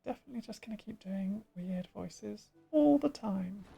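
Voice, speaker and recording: A woman streaming a game, talking loosely to her viewers with chatty, self-mocking asides. Her voice sits at a middle pitch with a gravelly, creaky texture. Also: animated, moderate pace, mellow. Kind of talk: casual live-stream chat.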